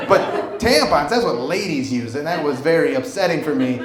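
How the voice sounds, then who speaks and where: A man in his forties performing a stand-up comedy set on a club stage, telling an animated story and acting out the voices of the people in it. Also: a little high, normal speed, few pauses. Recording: roomy live club recording with crowd laughter. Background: audience laughter.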